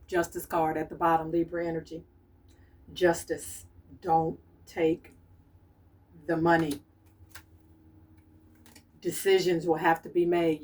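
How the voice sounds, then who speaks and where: A woman reads tarot cards on camera, relaying messages as a medium. Her voice sits slightly low and she speaks softly, circling back to the same warnings again and again. She sounds a bit distant from the microphone. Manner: soft-spoken, repeats her urgings insistently. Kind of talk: channeled tarot reading.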